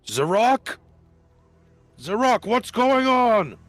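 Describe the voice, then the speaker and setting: A man's voice: very high-pitched, sing-song, drawn-out words, a bit bright, no echo, soft background music, voice pushed up, heavily acted. A man voicing a male hobgoblin soldier calling out urgently for a missing comrade. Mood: worried. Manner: raised, urgent calls.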